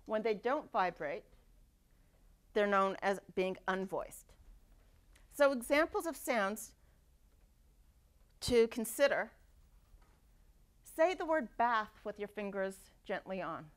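A woman giving a university lecture, lively and demonstrating speech sounds aloud. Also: mid-range voice, slow pace, long pauses. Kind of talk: classroom lecture. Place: lecture hall.

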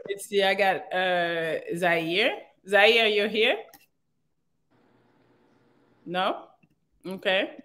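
A woman's voice: medium pitch, fairly even intonation, slow, heavy background noise. A woman hosting a live dating stream, chatting casually with callers and laughing often. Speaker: host of a live dating show.

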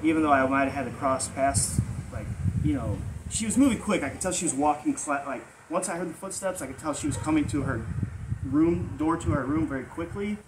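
A man's voice: fairly high pitch, lively intonation, a little fast, noisy background. A man telling a personal story in a casual, rambling way full of filler words, as the host of his own channel. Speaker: vlog storyteller.

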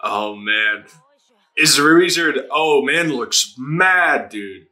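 Speaking in a mid-range voice, this guy gives a laid-back reaction to an episode of anime. He's excitable, laughs constantly, curses plenty, and tosses off fast impressions of the characters.

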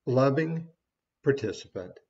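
A man's voice: mid-range voice, expressive, a little slow, a little mellow, highs cut off. A man giving a short devotional sermon as a preacher, folksy and conversational with small asides.

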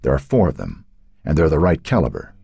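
A man voicing a calm, firm lawyer who speaks reassuringly, in an audiobook. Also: a bass voice, brisk, creaky, husky, no echo, clean studio sound, soft background music, heavily acted. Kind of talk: audiobook character voice.

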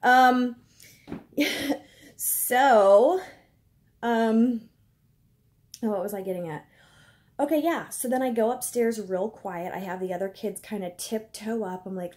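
A woman's voice: fairly high pitch, slow, long pauses, darkish tone. A woman in her thirties telling a personal story in a casual home vlog, chatty, with many fillers, and acting out what people said. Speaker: vlogger. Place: indoors at home.

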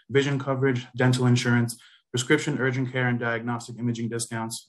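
A man reading prepared testimony as a spokesman for an advocacy group, brisk and businesslike, at a remote hearing over a video call. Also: medium pitch.

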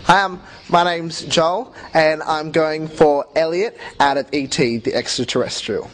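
A man's voice: fairly high pitch, fairly even intonation, measured pace, slight background noise. A man at an audition, explaining objects in a childlike show-and-tell manner. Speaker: performer at an audition. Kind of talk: audition monologue.

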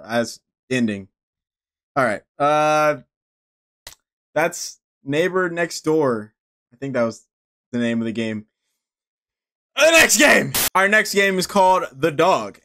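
Young man, gaming commentary, profane jokes, fairly high voice. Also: a bit bright. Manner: joking, profane, talks back to the game. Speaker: gaming YouTuber. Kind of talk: let's-play commentary.

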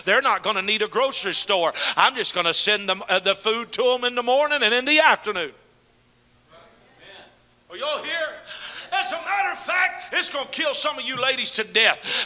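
Preacher, man, very high tense voice, fiery sermon that jumps from shouting to quiet chat with the congregation. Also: lively intonation, moderate pace. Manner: swings between shouted proclamation and low conversational asides; calls out to the congregation.

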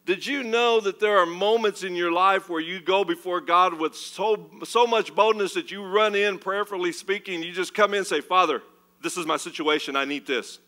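A man preaching a sermon as pastor, animated and swinging between loud, urgent passages and hushed ones. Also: high voice, normal speed, few pauses. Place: church.

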